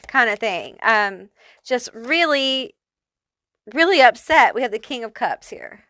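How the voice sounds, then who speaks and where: A woman's voice: a little high, animated, unhurried, sharp tone, dry recording, clean studio sound. A woman giving a casual pick-a-card tarot reading, chatty and loose, swearing freely and using lots of fillers. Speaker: tarot reader.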